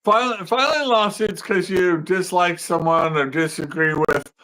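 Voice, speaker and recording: A man's voice: high-pitched, measured pace, pushed and bright, low-quality recording. A man co-hosting a political talk show, making his points emphatically and ending them with "right?". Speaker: podcast co-host.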